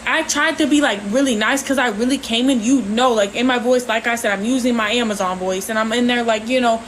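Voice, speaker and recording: A woman hosting a livestream, talking casually in a rambling, halting way with lots of fillers. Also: fairly high pitch, a little hiss or hum, low-quality recording. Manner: says she talks with her hands, animated. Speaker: livestream host.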